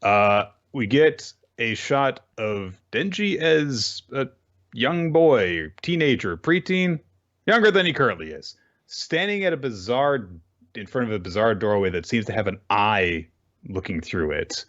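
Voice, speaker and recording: A man's voice: medium pitch, muffled recording. A man co-hosting a casual talk show, recapping manga chapters and acting out characters' lines as he goes. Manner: animated, acts out characters' lines in quick voices, laughs often. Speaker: podcast co-host.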